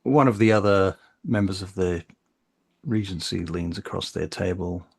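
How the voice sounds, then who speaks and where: A man running a tabletop role-playing game as game master. His voice is low and husky, with a gravelly edge, and he stops and restarts his phrases as he narrates. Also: a little mellow. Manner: halting, with many fillers and restarts.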